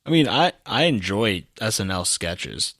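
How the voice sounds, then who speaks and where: A man's voice: fairly low pitch, sing-song, unhurried, a bit bright, dry recording, studio quality. A young man co-hosting a podcast, rambling casually with lots of fillers. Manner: rambling, filler-heavy talk. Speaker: podcast co-host. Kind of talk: casual chat.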